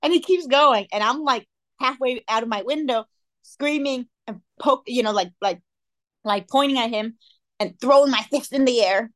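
A woman's voice: on the high side, normal speed, fairly bright tone. A young adult woman co-hosting a podcast, telling stories in casual chat, acting out quotes and laughing often. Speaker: podcast co-host.

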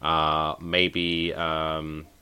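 A man's voice: rumbling low, completely flat delivery, drawn-out words, sharp tone, smooth. A British man co-hosting a podcast, chatting casually in a wry, joking way and swearing now and then. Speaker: podcast co-host. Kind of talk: casual chat.

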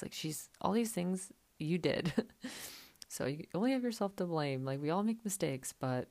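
A woman's voice: sits low, creaky, a little mellow. A woman hosting a podcast, recapping a reality show in a chatty, sarcastic, casual way. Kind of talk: casual chat.

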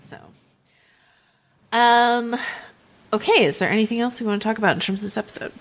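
A woman hosting a podcast in casual chat, talking quickly and laughing often. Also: on the high side. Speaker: podcast host.

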